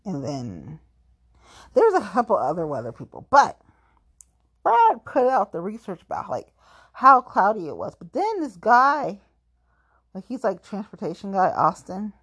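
A woman with a husky, breathy voice talks in a loose, rambling way, leaning on "like" every few words. Her pitch sits a bit low but swings widely and animatedly. She sounds playfully self-mocking. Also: sing-song, a little slow, pauses often, a bit bright. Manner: rambling, heavy use of "like"; playful, self-mocking about being petty. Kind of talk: casual chat.

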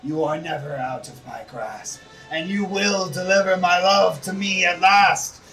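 Ancient vampire lord voiced by a man, cold and slow, heard from a distance over faint music. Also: sits high, a bit bright. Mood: menacing. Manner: slow, measured, threatening.

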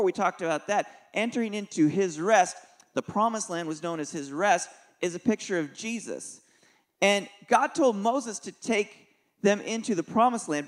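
Conversational man preaching, fairly high voice. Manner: conversational and joking, with soft dips for emphasis. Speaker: pastor. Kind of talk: sermon with personal story.

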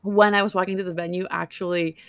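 A woman with a low, gravelly voice chats on a podcast. She tells stories in a loose way, full of "um" and "like". The recording is dry and close. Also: flat delivery, fast talker, a bit bright, no echo. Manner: chatty storyteller, filler-heavy. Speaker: podcast co-host. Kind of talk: casual chat.

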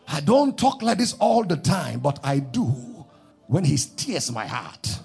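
A man preaching a fervent sermon, shouting, chanting, repeating phrases and praying in tongues. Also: fairly high pitch, big pitch swings, a little slow, gravelly, breathy edge, soft background music.

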